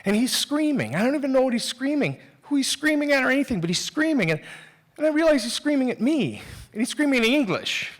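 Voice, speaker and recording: A man with a fairly high voice tells a personal story before a live theater audience. He is candid and self-mocking, speaking in a loose, conversational way that doubles back and restarts. The telling feels unscripted and personal. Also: big pitch swings, fast talker.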